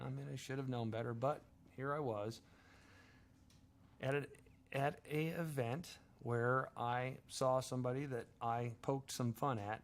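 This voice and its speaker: A man's voice: mid-range voice, gravelly. A middle-aged man hosting a talk radio show, telling a long story in a wry, self-mocking way. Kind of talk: storytelling monologue.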